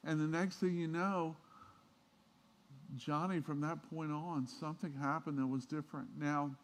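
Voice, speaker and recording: A man's voice: a little high, fairly even intonation, a little slow, slight background noise. Man preaching a heartfelt sermon. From Southern United States. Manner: heartfelt storytelling, swinging from hushed to emphatic. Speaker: pastor.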